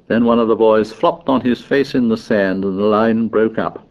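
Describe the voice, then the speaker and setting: A man narrating a novel in a measured, even storytelling voice. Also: lowish voice, muffled recording. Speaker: audiobook narrator.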